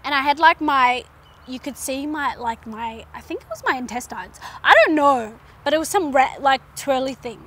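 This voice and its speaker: Young woman vlogger, high bright voice, chatty and animated, retelling a personal story with fillers. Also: moderate pace, a little hiss or hum. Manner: animated retelling, acts out her own past lines. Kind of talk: casual storytelling vlog.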